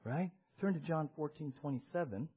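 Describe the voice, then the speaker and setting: A pastor delivers a church sermon in a husky, fairly high male voice. He presses his points with rhetorical questions and repeated words. The recording is muffled and lo-fi. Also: normal speed. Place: church service. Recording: dull lo-fi sermon audio.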